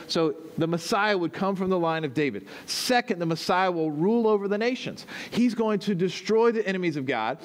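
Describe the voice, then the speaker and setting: High-voiced man preaching a teaching sermon. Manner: explains step by step and checks in with listeners. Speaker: pastor.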